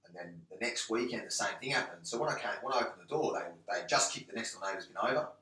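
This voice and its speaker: Man, quick talker, slightly low voice, bright tone, rambling anecdotes, roomy distant mic. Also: animated. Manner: rambling storyteller, peppers talk with "mate" and "you know". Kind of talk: casual anecdotal chat.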